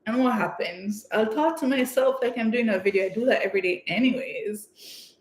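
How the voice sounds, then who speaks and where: A woman's voice: on the high side, moderate pace. Giggly, chatty woman live from her kitchen. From Canada. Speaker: livestream host. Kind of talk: casual livestream chat. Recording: echoey room.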